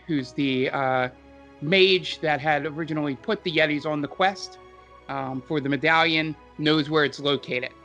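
A man narrating as game master in a tabletop game, halting often with ums and uhs. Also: on the high side, sharp tone.

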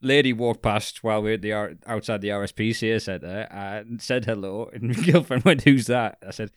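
A man's voice: fairly low pitch, brisk, clear, resonant tone, no room sound, studio quality. A man co-hosting a podcast, telling rambling stories in casual chat and laughing through them. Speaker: podcast co-host.

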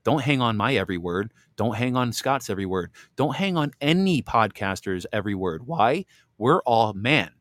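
A man's voice: medium pitch, expressive, normal speed, a bit bright, no echo. A man hosting a podcast, talking in a heated, preachy way and addressing listeners directly, into a close desk microphone. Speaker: podcast host. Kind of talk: heated religious podcast talk.

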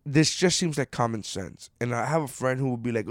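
A man in his thirties ranting casually, cursing often and swinging from low mutters to loud outbursts. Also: lively intonation, brisk, no room sound, studio quality. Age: 30s. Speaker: commentator reading an article. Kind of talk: casual rant.

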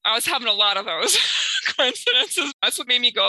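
A woman's voice: a little high, a little fast, no echo, poor audio. A woman, a guest sharing her faith testimony and acting out the people in it. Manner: lively, acts out quotes with laughs and sighs. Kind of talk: personal storytelling in an interview.

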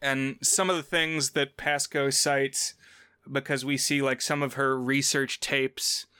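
A man's voice: medium pitch, slow pace, clear, resonant tone, no echo, studio quality. A man co-hosting a podcast, chatting casually about a film he has watched and animatedly retelling scenes in quoted voices. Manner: animated retelling, quoting characters in raised voices. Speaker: podcast co-host. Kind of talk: casual film review chat.

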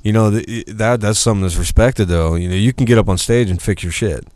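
Deep-voiced, cursing musician telling stories. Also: male voice, fairly quick, darkish tone. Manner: profane, rambling storyteller. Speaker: musician guest. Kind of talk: casual chat.

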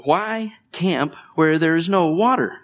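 Taking it slowly in a fairly high-pitched voice, a middle-aged pastor gives a conversational sermon. Between scripture readings he cracks light jokes about his kids and laughs.

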